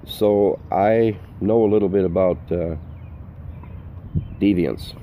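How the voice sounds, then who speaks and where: Outside in the sun, an older man who vlogs full-time from his RV repeats his safety advice earnestly and emphatically in a casual style. His warm, low voice keeps a fairly even intonation at a slow pace, with a little hiss or hum in the background.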